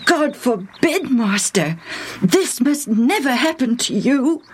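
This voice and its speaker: A woman's voice: sits high, animated, slow, slight background noise, pitched above the performer's own voice. A woman voicing Peter, a loyal young disciple, pleading urgently in a Bible storybook.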